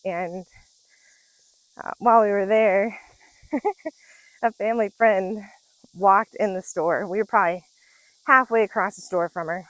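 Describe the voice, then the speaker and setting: A woman's voice: mid-range voice, fairly even intonation, unhurried, long pauses, a bit bright, no echo, rough recording. A woman in her forties telling casual stories while out on a walk, chatty and laughing often. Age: 40s. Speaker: vlogger. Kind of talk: casual storytelling. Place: outdoors on a nature walk.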